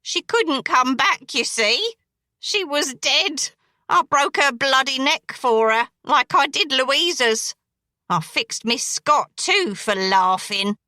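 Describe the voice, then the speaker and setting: A menacing, crippled male dressmaker, a killer, as a woman reads him. He confesses in a slow, brooding drawl, in a bright, tense tone. The sound is dry and close, as in an audiobook. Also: high-pitched, lively intonation, dry recording, exaggerated voice. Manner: slow, brooding, coarse dialect.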